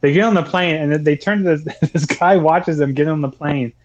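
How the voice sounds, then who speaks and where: A man's voice: a little high, a little fast, muffled recording. A man co-hosting a casual movie podcast, rambling with lots of swearing and frequent laughter. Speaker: podcast co-host.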